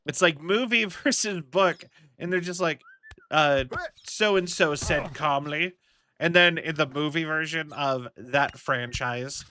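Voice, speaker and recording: A man's voice: on the high side, a little slow, sharp tone, a little hiss or hum. A young man streaming a game, chatting casually in rambling tangents and swearing at his mistakes from his home setup.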